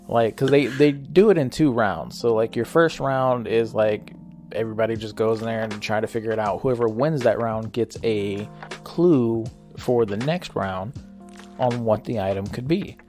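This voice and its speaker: A man's voice: mid-range voice, normal speed, a little mellow, faint music behind. A young man co-hosting a podcast, telling a story in casual, profane chat and often breaking into laughter. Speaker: podcast co-host. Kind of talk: casual chat, retelling a show with acted quotes.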